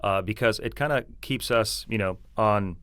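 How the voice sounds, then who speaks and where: A man hosting a podcast in casual conversation, talking haltingly and often repeating words as he earnestly praises his colleague. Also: fairly low pitch, fairly bright tone, clean tone, no room sound. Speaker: podcast host, law firm associate.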